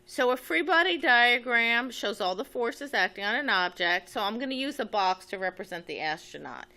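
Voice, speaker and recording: Here a woman with a fairly high, pushed, bright voice teaches physics. She thinks aloud while writing and drawing, methodically talking her way through a problem step by step.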